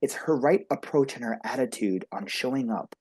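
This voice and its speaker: A man's voice: medium pitch, moderate pace, darkish tone, breathy edge. A man speaking as a beauty industry coach who is a guest on a podcast. He talks eagerly and emphatically and runs on at length. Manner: talkative, enthusiastic, emphatic. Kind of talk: energetic motivational talk.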